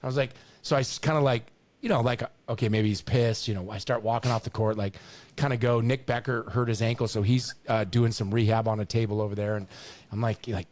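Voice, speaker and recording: A middle-aged man co-hosting a podcast, telling stories in an animated, casual way, often repeating words and swearing now and then. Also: medium pitch, brisk. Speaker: podcast co-host. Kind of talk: casual storytelling chat.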